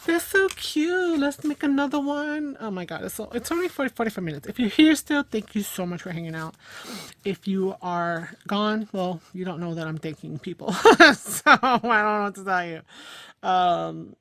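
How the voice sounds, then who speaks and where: A woman hosts a casual crafting livestream. She thinks aloud as she works, fills pauses with ums and you-knows, and laughs at herself. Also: medium pitch, lively intonation, a bit bright, no room sound. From New York, USA. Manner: chatty, thinks aloud while working, frequent fillers; self-deprecating, laughs at herself. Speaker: craft channel host.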